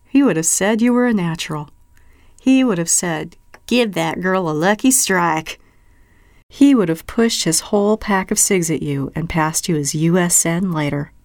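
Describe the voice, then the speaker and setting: A woman's voice: on the low side, moderate pace, no echo, studio quality. A woman reading literary fiction aloud with intense, vivid delivery. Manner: intense, drops to a hushed whisper at moments. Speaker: reader.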